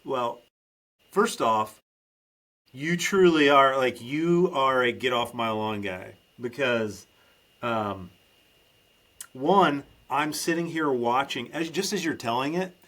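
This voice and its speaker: A man hosts a podcast in a loose, casual conversation. He rambles and restarts his sentences, then leans hard on his points. His pitch sits in an ordinary middle range for a man. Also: takes it slowly, a bit bright. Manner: rambling, restarts often, emphatic. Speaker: podcast host.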